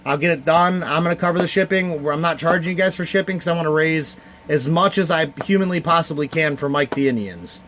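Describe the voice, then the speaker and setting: Man, livestream host, from Cleveland, slightly higher voice, heartfelt, rambling, faint room noise. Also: fast, a bit bright. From Cleveland area, United States. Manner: heartfelt and rambling, thanking viewers by name. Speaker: livestream host running a charity card auction. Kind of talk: casual livestream chat.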